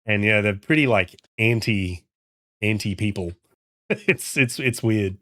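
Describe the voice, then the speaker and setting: A man in a casual live-stream chat, rambling through his thoughts, swearing freely and reading out chat. His voice sits a little low, recorded close on a desk mic at home with a dry, dead sound. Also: a little slow, pushed and bright, no echo. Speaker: game streamer and indie developer.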